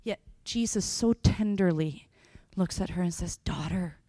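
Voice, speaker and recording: A woman preaching a sermon, telling Bible scenes with lively voices and slowing down on key phrases. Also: mid-range voice, no room sound, studio quality. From Sweden. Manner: expressive, acts out scenes with sudden loud bursts.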